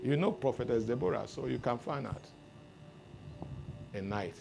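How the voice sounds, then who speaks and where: A man preaching a sermon, telling a story with lively rises into loud exclamations. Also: mid-range voice, moderate pace, creaky. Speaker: pastor.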